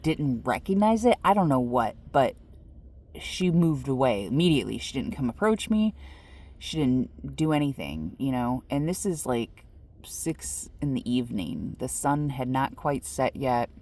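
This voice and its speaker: Low-voiced woman telling a story from her car. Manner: animated storyteller, lots of "like" and "you know". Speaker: vlogger living in her car. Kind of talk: casual storytelling to camera. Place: inside a car.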